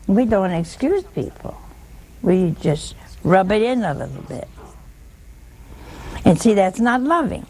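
Woman preaching, gravelly voice, takes her time, pokes at the audience with questions. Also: lowish voice, lively intonation, slow pace, long pauses, warm tone. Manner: chatty, teasing rhetorical questions. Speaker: religious teacher. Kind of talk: folksy sermon.

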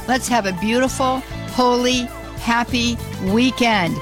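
A woman's voice: fairly high pitch, a little slow, over music. A woman hosting a religious call-in radio show, gushing and repeating words of praise. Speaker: radio host.

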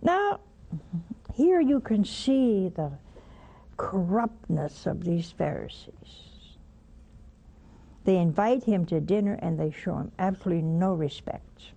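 A woman's voice: fairly low pitch, very animated, slow pace, vocal fry, pauses often, mellow. A woman giving a spoken sermon, blunt and teasing, with pointed asides to her listeners. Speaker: religious broadcaster teaching scripture.

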